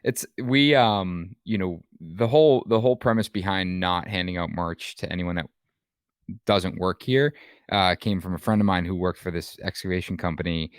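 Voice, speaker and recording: A man co-hosting a podcast, talking casually in a relaxed, halting way. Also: deep voice, clean tone, no room sound, clean studio sound. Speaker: podcast co-host.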